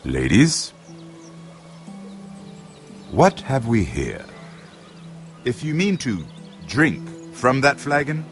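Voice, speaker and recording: A man's voice: medium pitch, huge pitch swings, extremely slow, pauses often, faint music behind, heavily acted. An actor playing a witty, sardonic nobleman in a video game, with a drawling manner. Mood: wry. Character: witty sardonic nobleman lord, dry and amused. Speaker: game character. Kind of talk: voiced video game dialogue.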